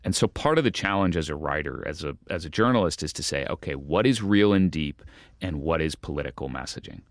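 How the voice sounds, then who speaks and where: A man, a journalist guest in an interview, telling a story in an animated way with stumbling restarts and amused asides. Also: a bass voice, a little fast, dry recording, studio quality.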